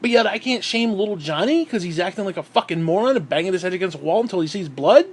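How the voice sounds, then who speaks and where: A man's voice: high-pitched, animated, fast talker, breathy edge. A man vlogging in a heated, sarcastic rant, swearing constantly. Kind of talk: profane ranting monologue.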